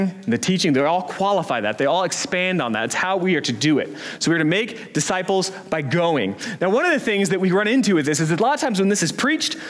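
A man preaching a sermon as pastor, earnest and emphatic, with rhetorical questions. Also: high voice.

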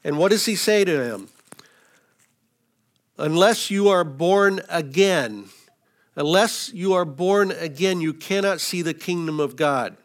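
A man's voice: fairly high pitch, animated, unhurried. A man preaching an expository sermon, teaching through scripture verses with frequent restarts. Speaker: pastor.

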